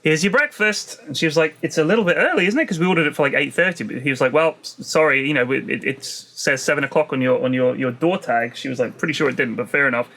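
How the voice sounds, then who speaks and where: A man's voice: a little high, fast talker, gravelly, hardly any pauses, bright, forceful tone. A man co-hosting a podcast, telling a sweary travel story in casual chat and acting out the quotes. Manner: swears a lot, acts out quotes in anecdotes. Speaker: podcast co-host.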